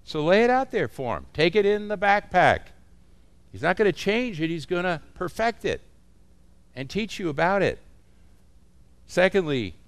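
A man's voice: high-pitched, vocal fry, clean tone. A man teaching other pastors in an informal, folksy way, often chuckling as he talks.

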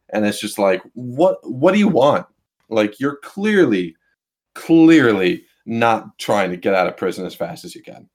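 A man's voice: on the low side, very animated, measured pace. A man co-hosting a casual film chat, ranting in an exasperated, profane way.

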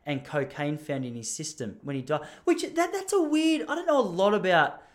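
A man's voice: fairly high pitch, moderate pace. A young adult man with an Australian accent, hosting a podcast and telling a rambling story, often restarting his sentences. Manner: rambling, animated, self-interrupting with restarts. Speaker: podcast host. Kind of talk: casual storytelling monologue.

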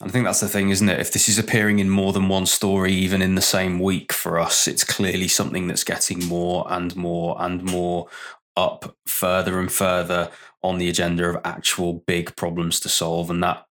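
A man's voice: deep voice, monotone, moderate pace, a bit bright. A man hosting a podcast, introducing stories in casual chat with jokey asides. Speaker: podcast host.

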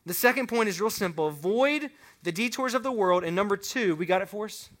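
A man's voice: high-pitched, brisk. A man giving a casual, joking sermon to students as a youth pastor. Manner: casual, joking, excitable, talks straight to the students. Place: room with a student audience.

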